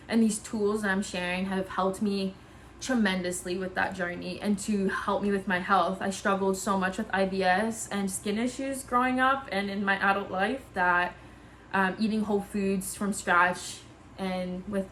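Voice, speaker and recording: A woman's voice: medium pitch, a bit bright, slight background noise. A woman talking casually and enthusiastically about her kitchen tools in a home vlog, chatty with frequent fillers. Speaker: wellness vlogger.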